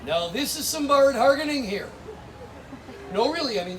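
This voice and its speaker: A man's voice: very high voice, lively intonation, moderate pace. A man telling a comic fairy tale full of spoonerisms on an outdoor fair stage, bantering with the audience. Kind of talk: live comedic storytelling with spoonerisms. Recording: live outdoor show with crowd noise.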